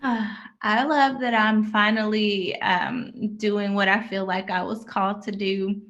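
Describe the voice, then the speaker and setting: A woman in her thirties, a birth worker, answering interview questions in a relaxed, reflective way and laughing often. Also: mid-range voice, a little slow, dull audio. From United States.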